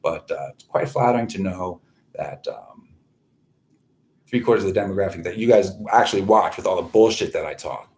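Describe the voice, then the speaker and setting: A man's voice: low voice, animated, moderate pace, darkish tone. A man hosting his own online show, talking in a profane, boastful, meandering monologue from home. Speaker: livestream host. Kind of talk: rambling crude monologue.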